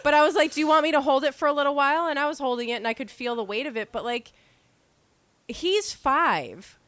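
A woman's voice: high-pitched, fairly quick, no echo. Chatty woman in her forties, dry sound. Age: 40s. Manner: chatty, animated, quotes imagined voices. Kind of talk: casual chat.

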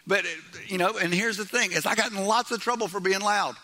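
A middle-aged man preaching a sermon in church, loud, animated and joking. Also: high-pitched, fast. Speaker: pastor.

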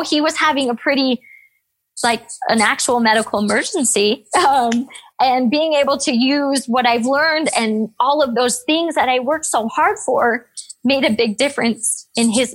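A young woman with a high, bright-sounding pitch tells a story about her nursing work in an upbeat, energetic way. Her delivery is expressive and lively, with the easy rhythm of casual storytelling. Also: normal speed. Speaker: emergency room nurse.

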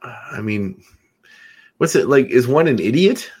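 A man co-hosting a casual podcast chat, tossing out quick guesses and grumbling playfully. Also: mid-range voice, expressive, a little mellow, breathy edge. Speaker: podcast co-host.

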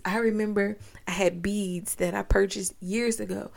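Expressive woman podcast host, gravelly edge. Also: medium pitch, moderate pace, few pauses. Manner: expressive, emotional, animated retelling. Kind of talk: personal storytelling podcast.

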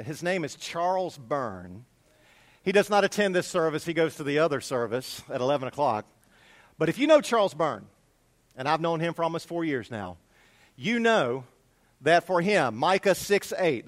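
A male pastor preaching a conversational sermon, animated and chatty, dropping to hushed tones for scripture. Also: a little high.

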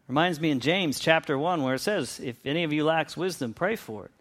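A man's voice: fairly high pitch, animated, a little fast, hardly any pauses, a bit bright. Conversational man preaching a sermon. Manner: conversational, with frequent restarts and acted-out quotes.

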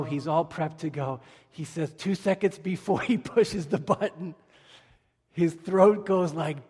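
A man preaching a sermon, telling stories with lively swings between quiet asides and loud emphasis. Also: fairly high pitch. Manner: animated storytelling preacher, shifting from soft to loud. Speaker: pastor. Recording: long hall reverb.

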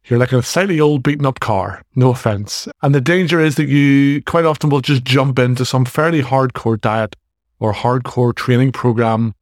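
On his solo fitness podcast, a Northern Irish coach in his forties speaks at normal speed in a medium pitch. The recording is dry and studio quality, and his delivery is casual and direct, peppered with jokey asides.

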